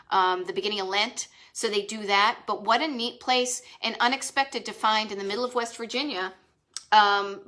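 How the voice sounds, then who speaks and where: A woman with a Boston accent hosts a retro travel live stream, chatting casually with enthusiasm and rambling asides. Her voice sits on the high side with a sharp tone.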